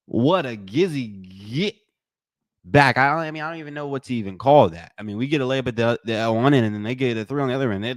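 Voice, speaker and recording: A young man commentating a live watch party, joking with his chat in a slangy, excitable way. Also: no room sound, studio quality. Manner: excitable, joking, slangy, bursts into high-pitched reactions.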